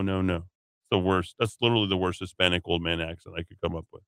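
A man's voice: deep voice, fairly even intonation, fast talker, fairly bright tone, clean tone, no echo. Blunt, sardonic talk radio man. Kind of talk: reading listener comments on talk radio.

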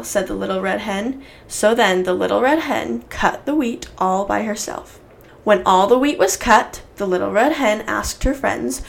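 A woman reads a children's story aloud at a steady pace. Her delivery is clear and even, a classic storybook reading in a mid-range voice. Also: medium pitch, measured pace. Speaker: story reader.

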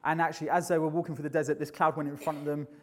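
A man's voice: fairly high pitch, flat delivery, very fast. A man preaching a sermon in a conversational, earnest way, often restarting his sentences.

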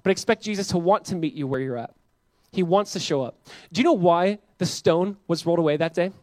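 A young male pastor preaching a sermon with animated, self-mocking storytelling. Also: high voice, a little fast, dry recording. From Southern California.

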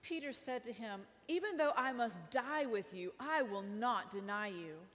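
A woman reading scripture aloud in a slow, solemn group reading. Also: a little high, expressive, a bit bright. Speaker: scripture reader. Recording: hall reverb.

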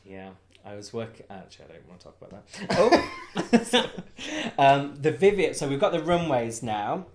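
A man's voice: mid-range voice, big pitch swings, moderate pace. A man co-hosting a podcast, chatting casually with a camp, cheeky, joking manner. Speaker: podcast co-host. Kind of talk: casual chat.

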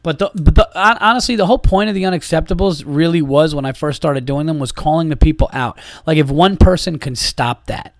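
Fairly quick with hardly any pauses, a man with a voice on the high side hosts a podcast and launches into an exasperated, profane monologue in a casual ranting style. He's a comedian, and the clean studio sound has no echo.

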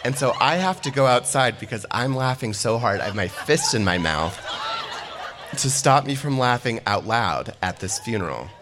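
A man telling a personal anecdote in an animated way, laughing often as he goes. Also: medium pitch, normal speed, noisy background.

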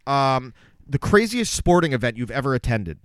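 A man's voice: medium pitch, very animated, moderate pace, no echo. A man co-hosting a podcast in casual chat, joking and swearing as he asks questions. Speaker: podcast co-host.

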